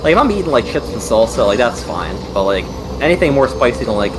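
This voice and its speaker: A man's voice: mid-range voice, sing-song, fast talker. A young man chatting casually, telling a profane, rambling story full of fillers. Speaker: streamer. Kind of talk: casual chat. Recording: noisy background.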